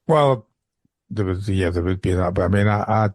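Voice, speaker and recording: A middle-aged man hosting a podcast, speaking in measured, hesitant casual chat. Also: sits low, a little mellow, dry recording. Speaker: host.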